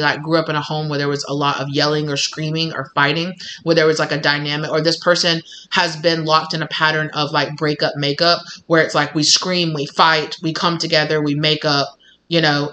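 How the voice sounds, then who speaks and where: Bright-voiced man giving an animated tarot reading. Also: fairly high pitch, a little hiss or hum, low-quality recording. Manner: animated, acts out the people he describes. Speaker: tarot reader. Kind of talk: casual intuitive tarot reading to camera. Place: at home.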